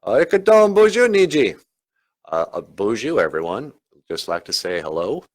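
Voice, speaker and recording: A shy, courteous brother voiced by a man greets everyone with halting, hesitant politeness. His voice stays close to an everyday male voice, low-key and mumbled, with a lively rise and fall in pitch. This is a comedic podcast skit.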